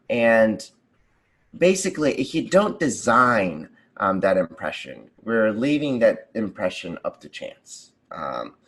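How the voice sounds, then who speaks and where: A man, a conversation designer, answering interview questions eagerly over a video call, with frequent ums and likes. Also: lowish voice. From United States. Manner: earnest, enthusiastic, many ums and likes.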